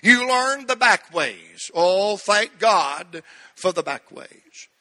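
High, bright-voiced preacher man. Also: expressive, slow. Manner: emphatic preaching with repetition and rhetorical questions; folksy asides. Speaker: pastor. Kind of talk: sermon.

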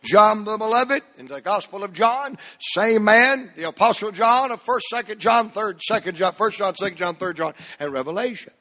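A man preaching a sermon as pastor, fervent, swinging from shouts to hushed drops and leading the congregation in reading aloud. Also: sits high, lively intonation, moderate pace, hardly any pauses. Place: large church hall. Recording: long church-hall reverb.

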